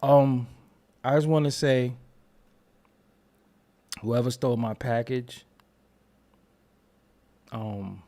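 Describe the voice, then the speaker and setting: A man's voice: mid-range voice, very slow, pauses often, mellow. A man hosting a casual live stream, loose and rambling, tired and yawning between repeated phrases. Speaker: YouTube commentary host.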